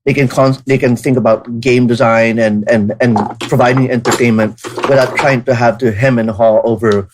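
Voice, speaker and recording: A man in a relaxed podcast chat, with a voice of ordinary middle pitch. He talks at length and keeps thinking out loud, restarting his sentences as he goes. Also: moderate pace, few pauses, noisy background. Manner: talkative, thinks aloud with many restarts. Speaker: podcast co-host.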